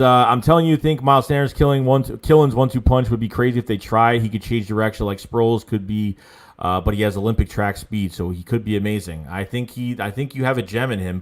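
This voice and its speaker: A young man hosting a casual sports livestream, reading out viewer chat and reacting with emphatic, excitable takes. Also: on the low side. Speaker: livestream host.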